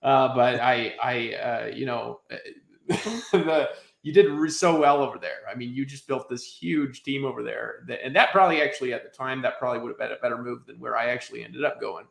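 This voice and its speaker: A man hosting a casual interview, who talks excitedly and laughs while recalling shared history. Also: mid-range voice, vocal fry, reverberant. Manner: excited, fast, laughing asides. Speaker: host.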